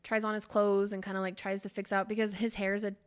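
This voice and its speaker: A woman's voice: mid-range voice, fast, clear, resonant tone. A woman co-hosting a book podcast, chatting casually and animatedly as she retells a novel's plot, full of "like" fillers. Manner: animated, laughs often, many "like" fillers.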